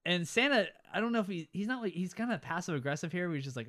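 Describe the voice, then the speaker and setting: Fast-talking animated man, casual chat. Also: high voice. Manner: animated, acts out characters' lines in quick voices. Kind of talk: casual chat recapping a movie.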